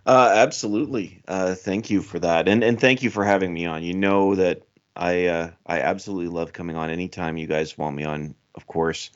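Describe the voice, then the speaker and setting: A man's voice: sits low, fairly even intonation, fairly quick, lo-fi sound. Canadian man guesting on a podcast. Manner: friendly, rambling, laughs easily. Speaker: podcast guest, film critic. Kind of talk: casual podcast chat.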